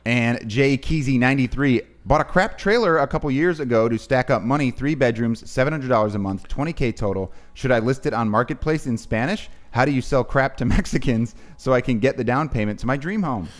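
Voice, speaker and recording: A man's voice: medium pitch, fairly quick, hardly any pauses. Guy co-hosting a stream, reads out the chat messages, mid voice, kinda dry. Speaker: co-host reading viewer messages. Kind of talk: casual livestream chat.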